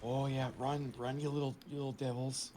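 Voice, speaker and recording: A man making quick, excited callouts to his team while playing a game. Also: mid-range voice. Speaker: gamer on another stream.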